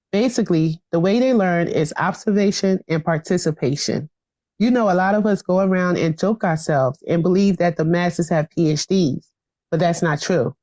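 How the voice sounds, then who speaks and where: A man's voice: high voice, darkish tone, no room sound. A man giving a fiery political speech in a rhythmic, repetitive, preacher-like style, from an archival recording. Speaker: political speaker.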